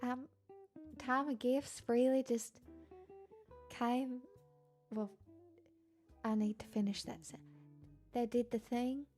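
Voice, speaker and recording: A woman's voice: a little high, little pitch movement, slow pace, pauses often, a little mellow, soft background music. A woman live streamer chatting casually with a dry, self-mocking manner and mumbled asides.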